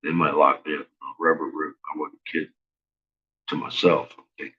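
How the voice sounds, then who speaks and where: A man with a deep, low voice rambles through a casual monologue, swearing freely and stammering as he restarts his thoughts. The recording sounds dull and lo-fi. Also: flat delivery, brisk, pushed and bright, slightly rough.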